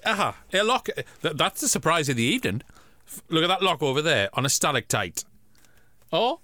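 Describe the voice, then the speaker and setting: A man's voice: on the high side, sing-song, brisk, pushed and bright, no room sound. A man co-hosting a podcast, making wry jokey asides about a comic. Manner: wry, jokey asides with droll put-on quotes. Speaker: podcast co-host. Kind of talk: casual comic chat.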